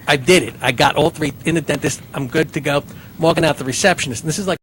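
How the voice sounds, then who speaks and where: A man with a high-pitched voice spins a rambling, self-deprecating story for laughs among friends. A faint hum of noise sits under the recording. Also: fast, a bit bright. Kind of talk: comedic storytelling.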